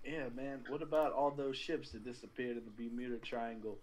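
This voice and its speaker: A man in a casual podcast chat, telling stories with animated energy and teasing his friend. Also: medium pitch, brisk, slight background noise.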